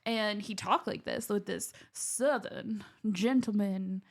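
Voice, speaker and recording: A woman co-hosting a podcast in casual chat, chatty and animated, laughing often. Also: medium pitch, takes it slowly. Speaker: podcast co-host.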